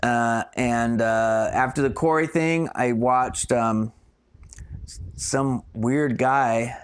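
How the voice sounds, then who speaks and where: A man's voice: mid-range voice, steady tone, slow pace, clear, resonant tone. A man co-hosting a casual live stream, telling rambling stories that trail off mid-thought. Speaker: co-host.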